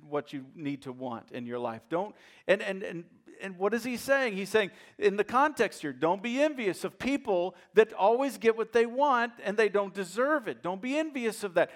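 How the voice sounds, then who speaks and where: Higher-voiced preacher swinging loud to soft. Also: male voice, animated, normal speed. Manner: repeats phrases for emphasis. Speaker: pastor. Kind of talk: sermon.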